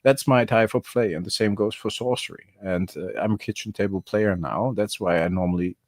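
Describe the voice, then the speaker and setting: A middle-aged man with a German accent chats on a live stream, rambling and animated with lots of fillers. His voice sits low. It sounds close and dry, like a video call mic. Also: brisk, no echo. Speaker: host of a card game channel. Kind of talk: casual live stream chat with friends.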